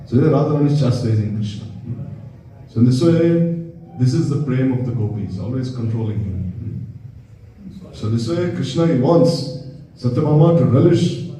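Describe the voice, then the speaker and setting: A man's voice: mid-range voice, warm tone. A man giving a devotional sermon as a spiritual teacher, telling stories and asking his listeners rhetorical questions. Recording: very echoey room, distant mic.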